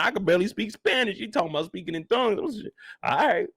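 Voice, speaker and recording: A man's voice: high voice, fast, vocal fry, dry recording, studio quality. A man hosting a comedic reaction rant about a TV episode, swearing freely and breaking into laughter often. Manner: animated, profane, laughing often. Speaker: show reaction host.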